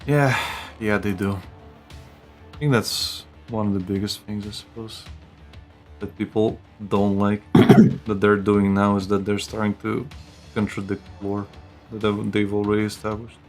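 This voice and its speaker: A man's voice: on the low side, level tone, unhurried, a little mellow, faint music behind. A man co-hosting a live stream, chatting casually and jokily with restarts. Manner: rambling, jokey, with restarts. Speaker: streamer co-host.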